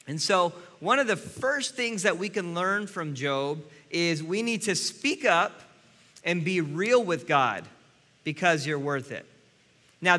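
A man preaches a sermon as a pastor in a large hall, his voice on the high side with a sharp tone. He is earnest and addresses his listeners directly.

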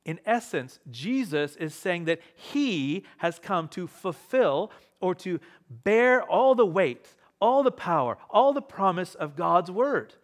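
With a high, sing-song voice and a slow pace, a man preaches as pastor before a live church congregation. He drives his points home by repeating key phrases and shifting his speed and loudness.

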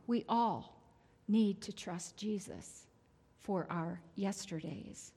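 Slow and husky, with a medium pitch, dark tone, and vocal fry, this sixty-something prayer minister delivers a heartfelt testimony sermon in conversational style. She speaks in a church sanctuary full of long reverb.

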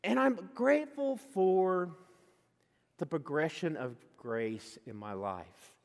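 A man's voice: on the high side, takes it slowly, vocal fry. A male pastor preaching a sermon, telling stories and acting out quoted voices as he goes. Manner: animated storytelling with quoted asides. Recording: long hall reverb.

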